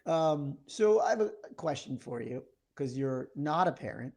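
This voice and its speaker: A man in his thirties co-hosting a podcast in casual chat, telling a story in a lively way and acting out the lines of the people in it. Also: fairly high pitch, a little slow. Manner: animated storyteller acting out quoted exchanges. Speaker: podcast co-host.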